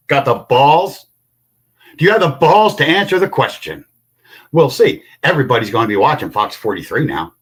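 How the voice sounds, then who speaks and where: An older man in an angry, profane livestream rant, confrontational and shouting at times. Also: mid-range voice, breathy edge.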